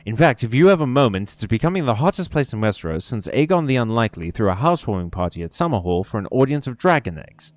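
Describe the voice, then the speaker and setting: A man putting on a sharp-tongued, sardonic English nobleman with a dry, cutting delivery. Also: medium pitch, big pitch swings, fast, hardly any pauses, no room sound, natural voice.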